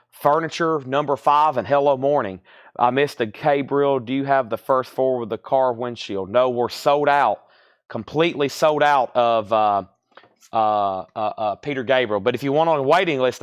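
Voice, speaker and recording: A man hosting a live-streamed record sale, calling out titles and prices quickly, repeating them and adding joking asides. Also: medium pitch, smooth, no room sound, clean studio sound. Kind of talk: live-stream auction patter. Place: record store.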